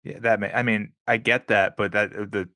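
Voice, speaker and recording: A man's voice: on the low side, fairly even intonation, fairly quick, bright, forceful tone, no echo. A man hosting an interview podcast, talking eagerly with frequent restarts and asking the guest questions. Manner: enthusiastic, stumbling restarts, laughs often. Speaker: podcast host. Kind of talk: casual interview chat.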